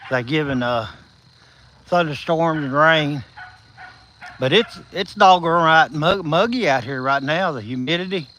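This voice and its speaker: Unhurried and fairly high in pitch, this man speaks with a sharp tone on a rough recording with slight background noise. A Southern livestream host, he walks outdoors at night with insects behind, addressing viewers by name in a folksy, encouraging manner, slightly out of breath and slurring without his top teeth.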